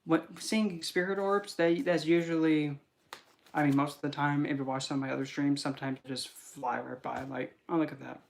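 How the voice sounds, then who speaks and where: A young man, a spiritual reader, chatting casually on a livestream and telling rambling, animated stories with many fillers. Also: on the high side, normal speed, gravelly.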